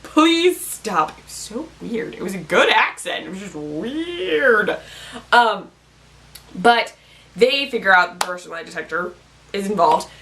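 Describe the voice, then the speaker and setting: A woman chatting excitedly through a recap of a TV episode, rambling fan-style with lots of asides. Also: medium pitch, a little slow, a little hiss or hum, poor audio. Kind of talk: casual TV recap.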